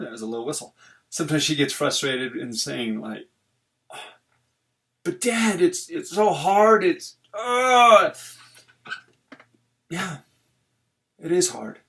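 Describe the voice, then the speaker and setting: A middle-aged man talks about parenting in an earnest, conversational way, slightly higher-pitched than most men. He is a family therapist and often repeats a phrase to drive the point home. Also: fairly bright tone. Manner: earnest, conversational, leans on repetition. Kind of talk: informal talk on parenting.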